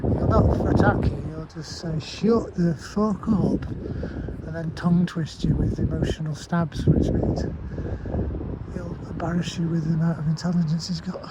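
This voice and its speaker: A man's voice: on the high side, little pitch movement, moderate pace. Sweary man rambling in windy night air. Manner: rambling, sweary, laughs often. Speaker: paranormal vlogger. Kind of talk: rambling outdoor night vlog. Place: park outdoors at night. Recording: heavy wind noise on mic outdoors.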